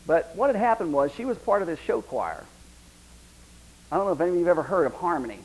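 A man's voice: a little high, sing-song, fast talker, a little mellow, rough recording. A middle-aged man, preaching a sermon in an emphatic, conversational way with frequent restarts.

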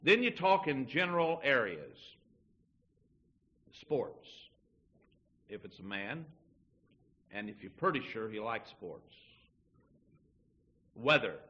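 A man's voice: mid-range voice, big pitch swings, slow pace, pauses often, highs cut off. A man preaching a folksy sermon to his church, acting out little everyday dialogues as he teaches. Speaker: pastor.

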